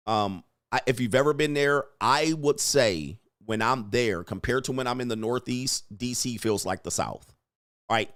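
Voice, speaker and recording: A man hosts a loose livestream, joking and cursing as he reads out viewer comments. His voice sits at an ordinary middle pitch. The sound is dry and close, with no room echo. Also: fairly bright tone. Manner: profane, joking, reads chat aloud. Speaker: livestream host and dating coach.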